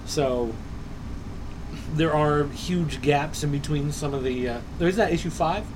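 A man with a slightly high voice chats about comic art, dropping wry jokes along the way. Faint background noise runs under his voice. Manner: joking, quick with wry remarks. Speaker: comic book podcast co-host. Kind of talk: casual chat.

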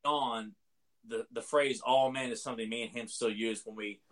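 A man with an ordinary mid-pitched voice chats casually on a podcast. He is blunt, swears freely and grows excitable when recalling old stories. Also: moderate pace. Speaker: podcast co-host. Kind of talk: casual chat about toy collecting.

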